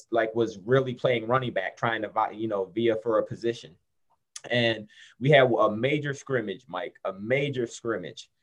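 A middle-aged man from Syracuse, New York, tells a long story in a casual interview. He rambles and restarts his sentences, filling gaps with "you know" and "like." His delivery is animated and conversational. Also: medium pitch, dull audio. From Syracuse, New York, USA. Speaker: guest, former college football player.

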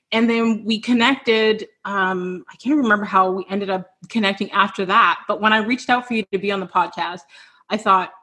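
A woman hosts a virtual celebration over a video call. Her voice sits at an ordinary middle pitch. She gushes over her guests and keeps nearly crying. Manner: effusive, tearful, warm affirmations. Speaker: podcast host. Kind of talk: emotional virtual event hosting.

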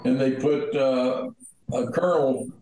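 An older man, a guest in an interview, recounting past events steadily with many pauses. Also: medium pitch, warm tone. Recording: very echoey room with faint noise.

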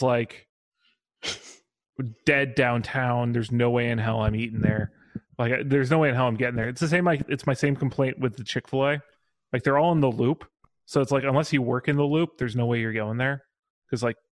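A man's voice: medium pitch, no echo, studio quality. A man co-hosting a podcast in a casual chat, steering the conversation back to the topic. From Chicago area. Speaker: podcast co-host. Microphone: home mic over video call.

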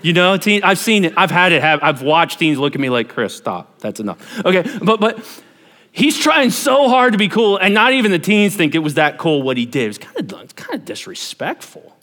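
A man in his forties preaching a sermon, telling stories with acted-out quotes and dropping to a hush for emphasis. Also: high-pitched, brisk, long reverb tail. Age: 40s. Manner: animated storytelling, acts out quotes, drops to hushed emphasis. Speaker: pastor.

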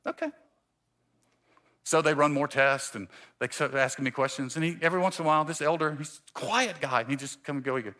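A male pastor in his forties preaching a sermon, telling a self-mocking story with animated quoted voices. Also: a little high, a little fast. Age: 40s. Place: church stage.

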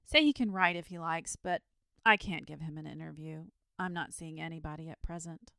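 A woman reading a storybook aloud, voicing a lazy, genteel dragon who speaks in a languid, unhurried way. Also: deep voice, gravelly, sharp tone, dry recording, studio quality, exaggerated voice. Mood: fretful.

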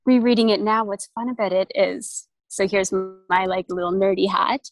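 A woman's voice: mid-range voice, level tone, normal speed, no room sound, low-quality recording. A young woman co-hosting a podcast, chatting casually with many restarts and fillers. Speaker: podcast co-host. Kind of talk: casual chat.

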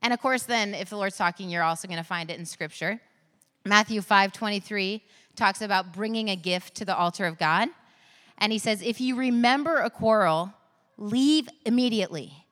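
A woman's voice: medium pitch, fairly quick, fairly bright tone. A woman in her thirties preaching a sermon, telling personal stories in an earnest way with bursts of laughter. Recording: long reverb of a large hall.

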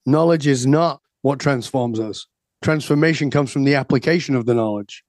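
A man's voice: mid-range voice, normal speed, a little mellow, no echo. A man guest on a podcast, speaking with emphatic, preachy conviction. His voice sits in an ordinary middle range and sounds close and dry, with no room around it. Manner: emphatic, rising to preachy intensity. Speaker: guest coach. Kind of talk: podcast interview.

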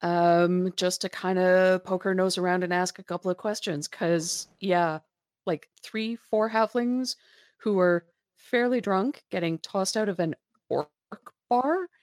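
Low-voiced woman playing a tabletop game. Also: measured pace, darkish tone, dry recording, clean studio sound. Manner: hesitant, chatty. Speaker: player. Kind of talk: casual tabletop play.

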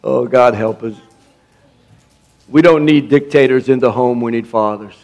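A man's voice: medium pitch, takes it slowly, darkish tone. A middle-aged man pastor preaching a sermon with emphasis, stumbling over restarts and asking the congregation for amens.

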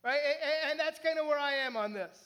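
A man's voice: very high voice, fairly quick. A man preaching a conversational sermon, often asking his listeners questions. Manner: conversational, animated, asks the listeners. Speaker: pastor.

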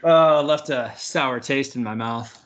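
A young man tells a story in loose podcast chat, cursing freely and laughing along. His voice is bright and pushed forward. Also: mid-range voice, slow, lo-fi sound, slight background noise. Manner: animated, swears often, laughs through the story. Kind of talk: casual storytelling.

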